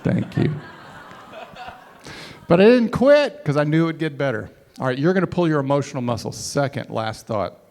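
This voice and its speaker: Man, middle-aged, motivational speaker, storytelling, playful, acts out scenes, higher-pitched voice. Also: sing-song, fast talker, hardly any pauses, darkish tone, long reverb tail. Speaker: motivational speaker to sales trainees. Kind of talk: animated storytelling talk to a live audience. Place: large hall before a college audience.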